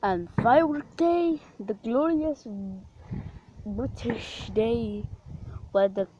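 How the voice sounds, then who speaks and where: Woman from Portugal, vlogger, defiant rambling delivery with casual swearing; slightly high voice, dull lo-fi outdoor night recording. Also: lively intonation, takes it slowly, mellow, a little hiss or hum. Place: outdoors at night during fireworks.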